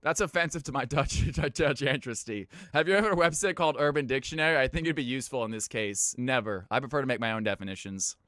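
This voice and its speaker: Bright, smooth-voiced male streamer. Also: medium pitch, expressive, fast, hardly any pauses, dry recording, studio quality. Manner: playful, joking, laughs often, turns hype when casting. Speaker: streamer and game shoutcaster. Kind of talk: live stream chat and esports play-by-play.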